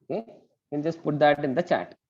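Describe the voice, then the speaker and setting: A man's voice: on the high side, brisk, a little mellow, breathy edge. A man with an Indian English accent teaching an online math class, patient and often checking in with "right?". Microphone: video call. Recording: dull lo-fi call audio.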